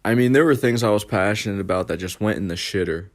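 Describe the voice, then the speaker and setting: Rambling young man with a low voice. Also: fast. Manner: rambling, filler-heavy, profane. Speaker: vlogger. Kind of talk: casual storytime monologue.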